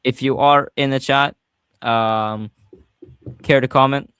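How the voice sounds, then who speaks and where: A man's voice: mid-range voice, fairly even intonation, slow pace, a bit bright, clean tone, no room sound. A man with a Swedish accent hosting a casual livestream chat, talking freely and often correcting himself mid-sentence. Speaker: podcast host.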